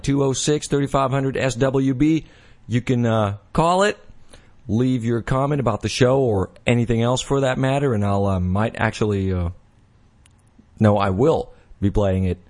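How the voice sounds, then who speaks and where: A man hosts his own podcast, talking casually at an ordinary pitch. He rambles, stops to correct himself and fills pauses with "uh" and "um". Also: darkish tone. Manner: rambling, self-correcting, many fillers. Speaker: podcast host. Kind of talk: casual solo podcast talk.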